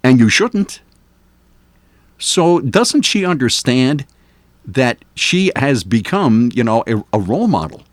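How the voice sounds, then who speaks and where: Older male AM radio host, opinionated and chatty with lots of fillers, animated delivery, close dry studio mic. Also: mid-range voice, slow, no room sound. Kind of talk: casual talk radio commentary.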